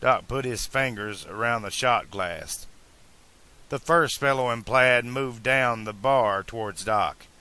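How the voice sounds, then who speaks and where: A man narrating a fan-made audiobook in a measured storytelling manner. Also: mid-range voice, sharp tone.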